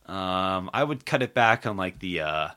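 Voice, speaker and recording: A man's voice: low-pitched, expressive, moderate pace, bright, forceful tone. A man hosting a podcast in casual political chat, rambling with lots of fillers and restarts. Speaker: podcast host.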